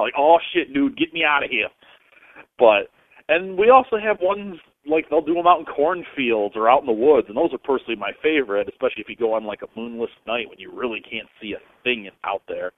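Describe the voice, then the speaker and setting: A man's voice: medium pitch, dry recording. A man from Michigan leaving a rambling, laid-back voicemail for a podcast, with lots of fillers. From Michigan, USA. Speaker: caller leaving a voice message. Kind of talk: casual voicemail. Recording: tinny phone-line voicemail.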